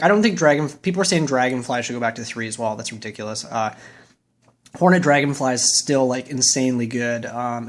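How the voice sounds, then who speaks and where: A man hosting his own channel, giving a casual, chatty and opinionated walkthrough of a card deck. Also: mid-range voice. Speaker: YouTube card game channel host.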